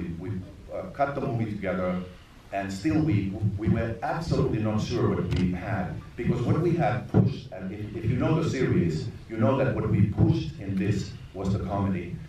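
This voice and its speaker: A middle-aged man from Finland, a film director telling stories at a screening Q&A, animated and laughing often. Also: on the low side, normal speed. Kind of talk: live anecdote on stage. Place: large echoey cinema hall. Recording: distant, echoey theater recording with noise.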